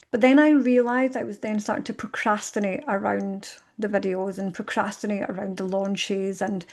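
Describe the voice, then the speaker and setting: A woman in conversation, telling her own story reflectively and acting out her past thoughts in lively bursts. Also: mid-range voice, normal speed, few pauses. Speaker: podcast guest.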